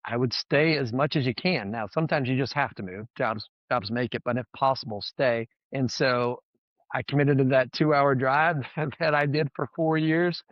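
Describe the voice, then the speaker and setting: A man's voice: medium pitch, moderate pace, no room sound. Man, podcast guest, earnest storyteller, emotional, a bit muffled, dry. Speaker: former college baseball head coach, guest.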